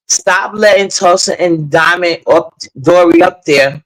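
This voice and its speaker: A woman's voice: fairly low pitch, unhurried, poor audio. Blunt, rambling woman live-streaming. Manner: blunt, rambling, swears freely; greets viewers in the chat between points. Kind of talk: casual live-stream commentary.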